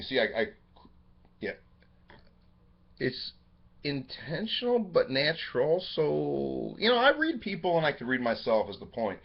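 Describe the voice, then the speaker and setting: A man talking into his webcam in a rambling, profane personal monologue, jumping between excited high bursts and low, quiet musing. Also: a little slow, gravelly, pauses often. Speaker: vlogger. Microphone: webcam microphone. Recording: dull lo-fi webcam audio.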